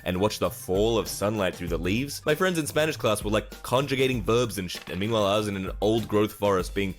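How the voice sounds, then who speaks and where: A man narrates short comedy bits in a dry, deadpan way. His voice sits fairly low, and clear background music runs under it. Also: brisk.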